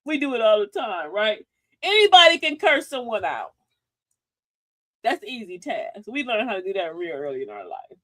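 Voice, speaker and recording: A woman's voice: mid-range voice, sing-song, normal speed, fairly bright tone, no room sound. A middle-aged woman hosting a casual livestream talk, folksy and sassy, preaching advice and laughing often. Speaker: livestream host.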